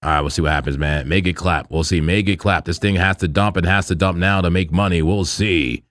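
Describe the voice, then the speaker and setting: A man's voice: sits low, fairly even intonation, brisk, fairly bright tone, dry recording. A man hosting a crypto trading livestream, chatting loosely with viewers in slang, repeating himself and laughing often. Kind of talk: casual live-stream chat with viewers.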